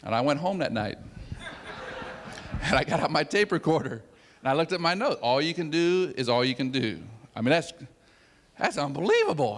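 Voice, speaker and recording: A man with a fairly high voice tells motivational stories to a room, acting out his own excitement with lively bursts. He talks in a casual, storytelling way. The voice carries long reverb from a hall. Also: a little fast. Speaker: sales leader giving a talk.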